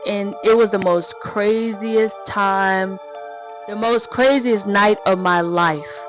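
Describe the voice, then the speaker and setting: A woman chatting through a story time vlog in a slangy, excitable way. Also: mid-range voice, rough recording.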